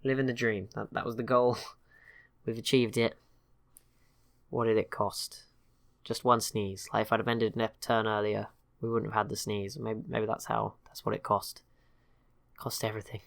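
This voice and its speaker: A man's voice: on the low side, flat delivery, normal speed, gravelly, long pauses. A man hosting a gaming channel, giving casual, rambling, self-mocking commentary over a strategy game.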